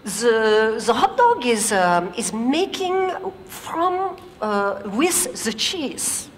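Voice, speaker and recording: A woman's voice: high-pitched, very animated, fairly bright tone, long reverb tail, slight background noise, full character voice. A woman voicing a flustered male engineer who stumbles through broken sentences with many false starts. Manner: hesitant, halting, full of false starts.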